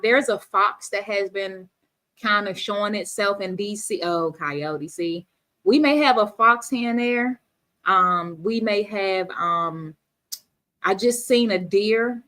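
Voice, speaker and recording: A woman's voice: mid-range voice, fairly bright tone. A woman from D.C. hosting a casual livestream, chatting with viewers and reading their comments aloud. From Washington, D.C.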